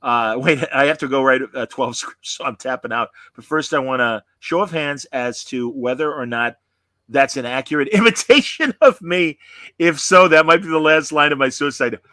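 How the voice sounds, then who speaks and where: A man's voice: medium pitch, lively intonation, moderate pace, bright, forceful tone, dry recording. A man hosting a podcast in casual chat, rambling and self-deprecating, often slipping into voices. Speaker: podcast host.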